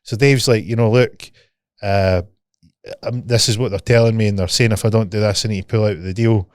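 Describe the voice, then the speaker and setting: A man's voice: lowish voice, a little fast, smooth, dry recording, clean studio sound. A Scottish man co-hosting a podcast, telling stories in casual chat, swearing freely and acting out both sides of a conversation. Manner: animated storyteller, swears freely, acts out dialogue. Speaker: podcast co-host.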